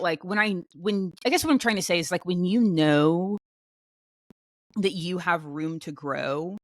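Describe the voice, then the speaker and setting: A woman co-host chats casually and with animation, often restarting her sentences. Her voice sits a little low for a woman. The recording is close and dry. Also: dry recording. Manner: chatty, animated, with many fillers and restarts. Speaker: podcast co-host. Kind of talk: casual chat.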